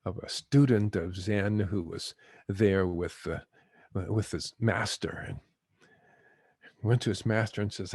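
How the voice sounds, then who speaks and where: A man hosting a guided-imagery talk, a gentle, unhurried storyteller who chuckles as he teaches. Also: sits low, fairly even intonation, creaky, breathy edge, no echo. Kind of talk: reflective talk with teaching stories.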